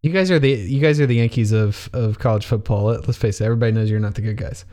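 A man's voice: fairly low pitch, fast talker, dark tone. Laid-back man hosting a podcast. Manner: laid-back, laughs often. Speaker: podcast host. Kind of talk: casual chat.

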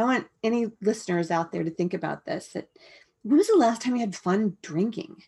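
Woman guest, candid storyteller, halting delivery with restarts, mid-pitched. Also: vocal fry, darkish tone, breathy edge. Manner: frank, halting, with many restarts and asides.

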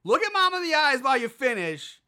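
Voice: high voice, sing-song, fairly quick, sharp tone, pitched above the performer's own voice, exaggerated voice. A podcaster acting out a creepy, doting woman who coaxes and taunts a killer, during a film recap. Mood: taunting.

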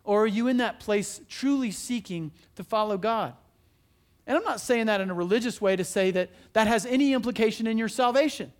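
A man's voice: high voice, brisk. A man preaching a sermon as pastor, earnest and conversational, asking his listeners questions and restarting his sentences often.

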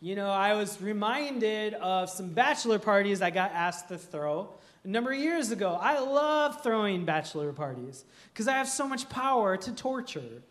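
A man's voice: sits high, expressive, moderate pace, a bit bright. A young man from Minnesota preaching a sermon, telling humorous stories and laughing through them. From Minnesota, USA. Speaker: pastor. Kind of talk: storytelling sermon.

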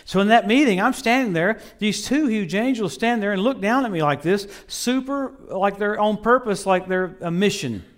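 A middle-aged man preaching a sermon, telling stories with lively swings between loud bursts and low murmurs, laughing often. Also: moderate pace, hardly any pauses. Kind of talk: sermon with storytelling.

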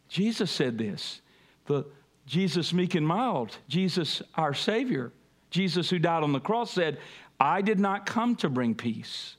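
A pastor preaching a sermon, calling on the congregation to repeat after him and building to emphatic peaks. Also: male voice, fairly high pitch, lively intonation, moderate pace. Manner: call-and-response preaching, rising to emphatic peaks.

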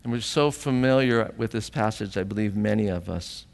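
A man's voice: fairly low pitch, moderate pace, gravelly, big-room sound. A man preaching a sermon as pastor, earnest and emotional, often asking the congregation questions, at times tearful.

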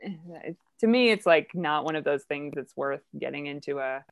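A woman hosting a casual chat about Shakespeare, chatty and quick to laugh. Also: low-pitched, animated, no room sound. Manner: chatty, laughs often, many fillers. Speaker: podcast host.

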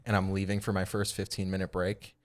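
A young man casually telling a long story on a podcast, peppered with "like" and animated retellings. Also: low-pitched, a little fast. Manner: rambling, animated retelling with lots of "like". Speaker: podcast co-host.

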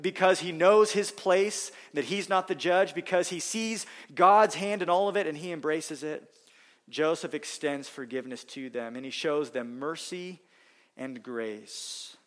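A man's voice: a little high, unhurried. A middle-aged male pastor preaching a sermon in an earnest manner, pressing hard on key phrases. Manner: earnest, rising to emphatic stress on key phrases.

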